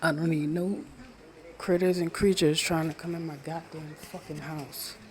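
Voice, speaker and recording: A podcast host talking low and rambling at home at night, winding down, swearing freely into a small handheld microphone. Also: flat delivery, normal speed, a crowd in the background. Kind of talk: casual late-night solo podcast. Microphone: small handheld USB microphone.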